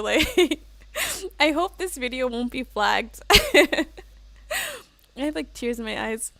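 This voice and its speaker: A woman's voice: sits high, expressive, slow, gravelly, long pauses, bright, forceful tone, no room sound. A woman hosting a casual livestream, chatting and giggling as she reads out viewer comments with plenty of "like" and "um.". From United States. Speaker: livestream host.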